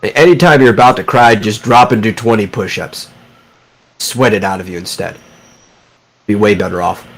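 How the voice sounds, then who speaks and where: Co-host, male, lowish voice, steady and a bit preachy. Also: normal speed, pauses often, poor audio. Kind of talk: casual live-stream chat.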